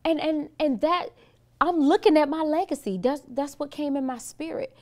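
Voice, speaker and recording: A woman's voice: sits high, normal speed, a little mellow. A middle-aged woman pastor telling a personal story in an earnest, casual interview manner. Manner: earnest, storytelling, frequent restarts. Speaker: pastor and guest.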